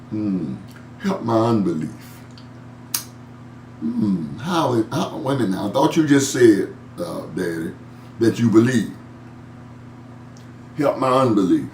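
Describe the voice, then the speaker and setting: A man leads a Bible study in a relaxed, conversational way, chuckling as he goes and doubling back on his words. He reads a verse aloud and then talks it through. He is recorded from some way off in a reverberant church room, with a faint hum underneath. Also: fairly low pitch. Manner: chuckles often and repeats words while searching for the point. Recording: echoey room, mic at a distance, faint hum.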